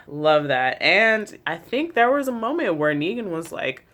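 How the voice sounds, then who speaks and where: Casual recap vlogger, chatty and profane, mid-pitched voice. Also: big pitch swings, a little slow, fairly bright tone.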